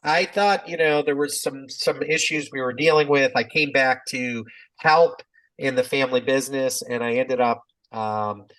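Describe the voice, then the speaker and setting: A man in his fifties, a physician and business executive, telling his story in a relaxed interview, reflective and rambling with many fillers and restarts. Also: medium pitch, normal speed, rough recording.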